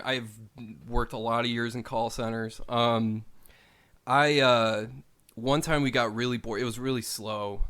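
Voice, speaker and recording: A man co-hosting a casual podcast, talking in an animated, rambling way with many restarts. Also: medium pitch, smooth. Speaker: podcast co-host. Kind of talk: casual chat.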